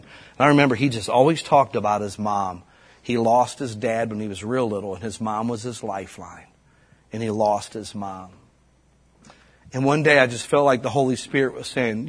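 A husky, breathy male preacher tells stories in a sermon in a relaxed, chatty way. When a point lands, his voice climbs sharply and grows louder and more fervent. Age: adult parent. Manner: storytelling, climbing high and loud when stirred.

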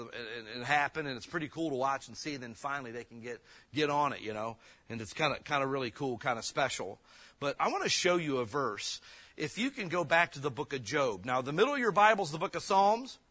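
A man preaching a casual, joking sermon, slowing down to read old scripture verses and breaking into loud emphatic bursts. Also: a little high, expressive. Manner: reads King James verses slowly. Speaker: pastor.

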